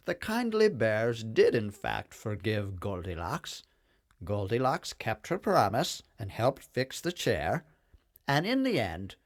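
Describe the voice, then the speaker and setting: A man's voice: mid-range voice, no echo, studio quality. Sing-song man reading a children's story. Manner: expressive, sing-song, swooping storyteller delivery.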